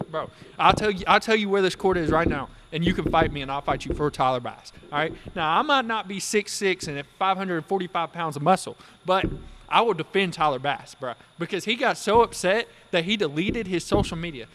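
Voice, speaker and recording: A man with a high voice rants on a casual sports podcast. He talks in fired-up bursts and drops slang all the time. Every point comes with heat. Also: a bit bright, a little hiss or hum. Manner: fired-up, ranting, says bro a lot. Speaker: podcast co-host.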